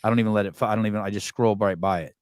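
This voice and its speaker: Profane, animated man ranting. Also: rapid-fire, no echo, studio quality. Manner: profane, animated, jumps pitch when ranting. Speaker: podcast host. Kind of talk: casual podcast chat.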